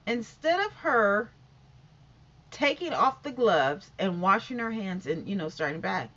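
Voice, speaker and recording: A middle-aged woman vlogger spins a casual story-time tale, her fairly high voice leaping up and down as she acts out each exchange. She rambles, circling back with fillers and restarts. The sound is muffled and lo-fi. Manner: animated storytelling, acting out exchanges. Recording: dull lo-fi audio.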